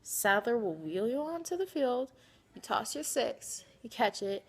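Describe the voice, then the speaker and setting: A woman records a casual vlog and talks straight to her friends. Her fairly high voice is animated and dramatic as she swings between pleading and playful teasing. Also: a little slow, husky. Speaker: vlogger. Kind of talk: casual direct-to-camera vlog addressed to friends.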